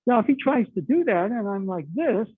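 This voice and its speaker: A man's voice: high-pitched, animated, brisk, breathy edge, no echo. A middle-aged man teaching a martial arts class, explaining chattily with lots of "okay" and "you know.". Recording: dry, tinny phone-like sound.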